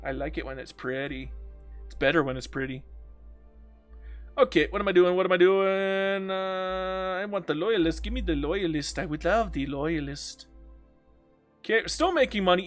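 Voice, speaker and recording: A man with a high-pitched voice talks through a strategy game. He chats loosely, jokes at the screen and reads out viewer comments. Soft music plays faintly behind him. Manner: chatty, joking, reads chat aloud, breaks into silly mock voices. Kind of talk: live gameplay commentary.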